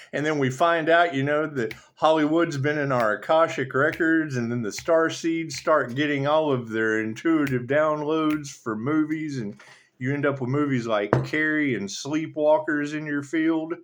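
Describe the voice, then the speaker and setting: A man's voice: a little high, steady tone, a little slow, background noise. A man who reads tarot, ranting in a casual, sardonic and profane way that rambles from one thought to the next. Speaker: tarot reader. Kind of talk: casual spiritual rant.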